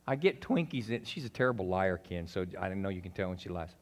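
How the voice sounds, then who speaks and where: A man preaching with a slightly low voice, chatting with his congregation between points. He pushes hard on some lines and drops to a near hush on others, with plenty of asides and folksy turns of phrase. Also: expressive, quick pace. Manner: swings between emphatic and quiet, intimate delivery. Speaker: pastor. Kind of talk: sermon.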